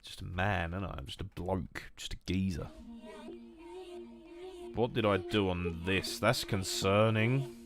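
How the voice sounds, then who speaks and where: A man's voice: sits low, measured pace, long pauses, over music. A man chatting casually on a live stream while drinking whiskey, rambling, swearing and mocking himself.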